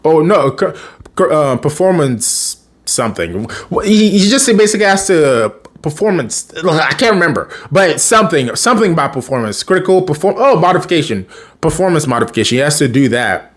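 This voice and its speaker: A man's voice: on the high side, very animated, a little fast. A man casually recapping a TV episode, rambling along, chuckling, and loosely quoting the characters as he goes. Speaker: show recap vlogger.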